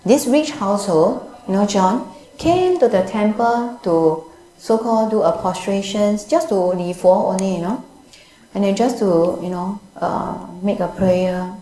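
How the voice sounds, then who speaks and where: A Buddhist nun giving a storytelling dharma talk, chatty and loose, leaning on fillers, on a wireless mic in a temple hall. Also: female voice, medium pitch, mellow. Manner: chatty, many "you know" fillers, loose grammar. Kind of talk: storytelling sermon. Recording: echoey hall, faint noise, dropping wireless mic.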